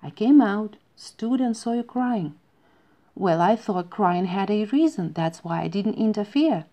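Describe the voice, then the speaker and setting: A woman's voice: medium pitch, expressive, a little slow, mellow, lightly acted. A woman voicing a stubborn, loyal young male hedgehog who speaks in an insistent, matter-of-fact way. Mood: explaining. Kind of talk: storybook reading.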